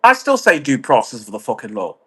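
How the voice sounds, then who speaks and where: Male vlogger, mid pitch, profane sardonic ranter. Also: wildly swooping pitch, a little fast, husky. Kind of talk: ranting monologue.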